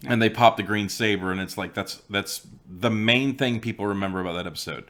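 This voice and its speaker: Low-voiced man in casual profane chat. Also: brisk, sharp tone. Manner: swears a lot, joking asides. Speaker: podcast co-host.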